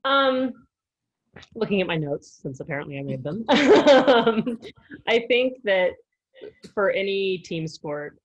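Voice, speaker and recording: A woman, a former player, telling stories in an interview in a lively way and laughing often. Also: mid-range voice, slow pace, dull audio. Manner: animated storyteller, laughs often. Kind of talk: casual interview.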